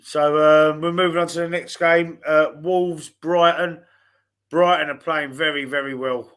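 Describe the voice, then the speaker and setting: A man with a Cockney accent chats casually about football over a video call. His voice sits a little high, and he talks loosely, with plenty of fillers and restarts. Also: fairly even intonation, measured pace, fairly bright tone, clean tone. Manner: chatty, hesitant, drops in fillers. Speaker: podcast host.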